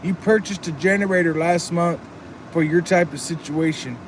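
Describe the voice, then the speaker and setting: A man's voice: fairly high pitch, moderate pace, a little hiss or hum. A man chatting casually on a live stream, earnest and rambling, reading chat comments aloud. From Texas.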